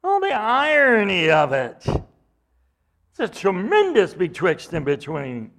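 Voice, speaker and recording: A man's voice: high-pitched, wildly swooping pitch, takes it slowly, a bit bright. A man preaching an expository sermon, emphatic, acting out mocking voices as he reads.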